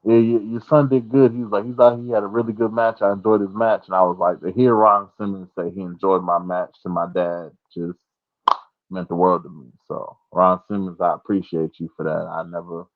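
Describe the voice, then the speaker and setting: Male podcast guest, expressive storyteller who does the voices in his story, lowish voice, thin phone-like sound. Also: fairly quick, no room sound. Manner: animated storyteller, acts out quotes in a high voice, laughs often. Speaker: wrestler guest. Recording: dry, phone-like audio.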